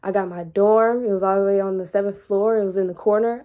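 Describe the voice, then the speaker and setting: A young woman vlogging, telling a personal story casually and animatedly, repeating words and growing loud when excited. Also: medium pitch, fast talker, few pauses. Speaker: vlogger and entrepreneur.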